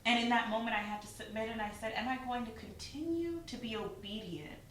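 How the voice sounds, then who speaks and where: A woman telling a personal faith story in a casual chat, animated and often laughing as she acts out what people said. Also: fairly high pitch, a little fast, heavy reverb, recorded from a distance, slight background noise. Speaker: guest.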